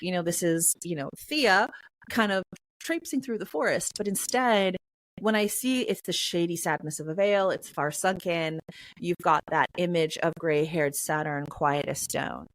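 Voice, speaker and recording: A woman's voice: on the low side, unhurried, no room sound, poor audio. Chatty woman explaining poetry craft. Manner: chatty, animated, heavy on filler phrases. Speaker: poetry reader and performer, interview guest. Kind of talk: explanatory interview answers.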